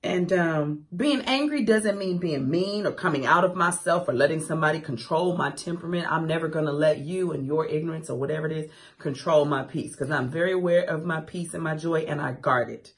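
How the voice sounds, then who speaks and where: A woman's voice: low voice, brisk, few pauses. A woman hosting a morning radio show, giving faith-filled encouragement with emphatic, repeated phrases and sassy asides. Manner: sassy asides and laughing quips. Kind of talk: morning radio inspirational talk.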